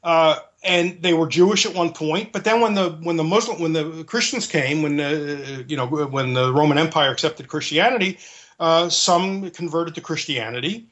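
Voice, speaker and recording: Male interview guest with a slightly raised pitch, earnest and searching for words, restating his points as he explains. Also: moderate pace, a bit bright, highs cut off. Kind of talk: conversational explanation.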